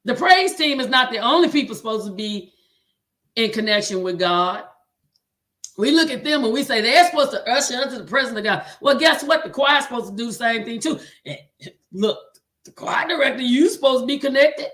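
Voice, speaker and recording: Hosting a choir directors' livestream, this Southern-drawling woman speaks fairly quickly in a somewhat high, slightly bright voice with lively intonation. She exhorts and preaches, says "come on" again and again, and reads out viewer comments.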